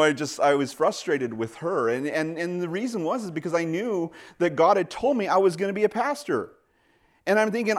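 A pastor in his forties, preaching a conversational sermon with animated storytelling, acting out quoted voices, with frequent self-corrections and asides. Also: a little high, a little fast.

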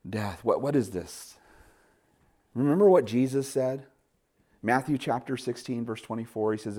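A man preaching a sermon, retelling stories with lively bursts and quiet asides. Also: on the low side, a little slow. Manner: animated storytelling with sudden loud bursts and quiet asides. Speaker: pastor.

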